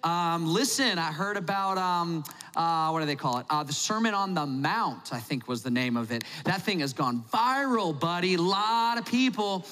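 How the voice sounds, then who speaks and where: A man's voice: on the high side, animated, moderate pace, sharp tone. A man voicing a smug, self-important Pharisee host who talks in a pushy, chummy way. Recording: long hall reverb.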